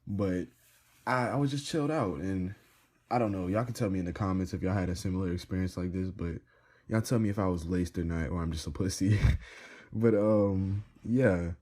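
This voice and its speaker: A man's voice: low voice, normal speed, warm tone. A young man casually telling a rambling storytime to his viewers, full of slang and filler words. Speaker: vlogger.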